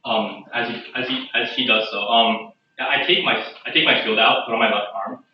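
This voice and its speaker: Man as tabletop player, halting and animated, far off-mic, lo-fi. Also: mid-range voice, a little hiss or hum. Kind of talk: tabletop role-play. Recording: echoey, distant, dull room recording.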